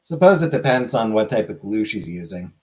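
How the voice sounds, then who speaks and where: A man's voice: on the low side, sing-song, fairly quick, darkish tone. A man streaming and answering his chat in a laid-back way, swearing casually.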